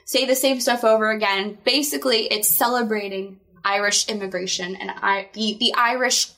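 This woman co-hosts a podcast, chatting in an upbeat way with playful exclamations. Her mid-range voice has fairly even intonation, a moderate pace and a bright, forceful tone.

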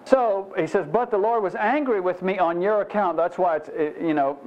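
A man teaches scripture in a relaxed, folksy sermon, dropping "you know" asides and poking fun at himself. His voice sits a little high for a man. The recording is dull and muffled. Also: normal speed. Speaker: pastor. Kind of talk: conversational Bible teaching sermon.

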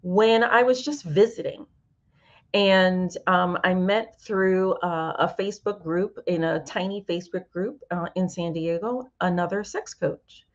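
Animated storytelling woman, lo-fi sound. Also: lowish voice, a little slow. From New York (Brooklyn). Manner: animated storyteller, voices other people in her anecdotes. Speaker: guest, sex coach. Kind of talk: casual interview chat.

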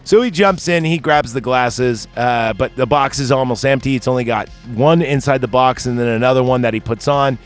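This podcast co-host speaks in a mid-range voice at a moderate pace, hardly pausing as he recaps a movie. The chat is loose and profane, packed with fillers, and soft music runs underneath.

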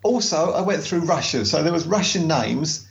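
A man chatting casually as a podcast co-host, animated and quick to laugh. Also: on the high side, gravelly, muffled recording. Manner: chatty, animated, laughs easily, slows down for a careful read-aloud. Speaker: podcast co-host and travel author.

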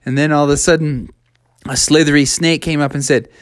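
A podcast storyteller reading a children's story in a relaxed, rambling way with fillers. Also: medium pitch, brisk, no echo, clean studio sound.

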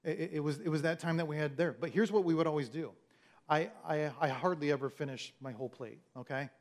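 A man's voice: on the high side, fast talker. A man preaching a sermon in a conversational, storytelling way, often restarting his words and acting out the lines of others. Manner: conversational, storytelling with acted-out quotes. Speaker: pastor.

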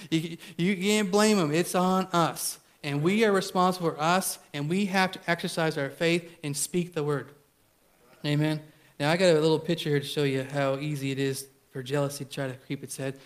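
A middle-aged man preaching a sermon as pastor, blunt and conversational, telling stories with emphatic repetition. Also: fairly high pitch.

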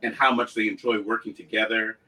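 A man co-hosting a casual podcast chat, animated, often laughing and quoting himself. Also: on the low side, fairly quick, low-quality recording. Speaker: co-host.

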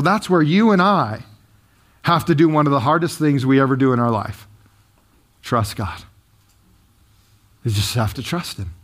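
Pastor, male, animated and chatty sermon delivery, high-pitched, swinging pitch. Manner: lively, conversational, joking with the congregation.

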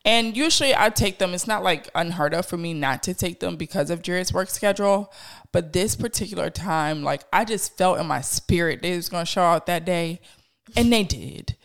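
A woman podcast host, telling stories in slangy, animated casual chat. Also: lowish voice, moderate pace. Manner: animated storyteller, slangy, laughs.

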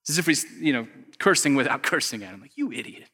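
A man preaching a conversational sermon, acting out characters and swinging from loud bursts to hushed asides. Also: mid-range voice, lively intonation, fast. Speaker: pastor. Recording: echoey long hall reverb.

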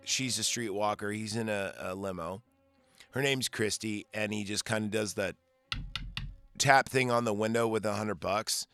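Rambling, profane low-voiced man. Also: moderate pace, fairly bright tone, no room sound, faint music behind. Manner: rambling, profane, frequent fillers and restarts. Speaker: podcast host. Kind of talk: casual film recap chat.

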